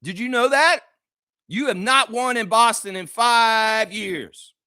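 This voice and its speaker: A man's voice: extremely high pitch, slow, bright, forceful tone, smooth, no echo, studio quality. A man hosting a live basketball reaction show, ranting heatedly and profanely at the players. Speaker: sports reaction host.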